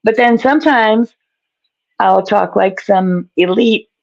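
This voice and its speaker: A man's voice: high-pitched, slow pace, gravelly, no echo. A man chatting as a guest on a video call, rambling and self-deprecating, often trailing off mid-thought. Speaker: guest author. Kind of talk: casual video call chat. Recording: dull lo-fi call audio.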